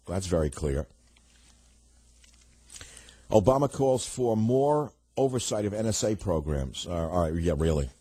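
A man's voice: fairly low pitch, warm tone, husky, dry recording. An older man hosting a talk radio show, ranting sarcastically in a monologue.

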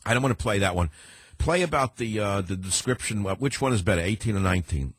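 A man's voice: fairly low pitch, expressive, fast, breathy edge, no room sound. An older man with a New York accent, hosting a talk radio show in a rambling, combative monologue.

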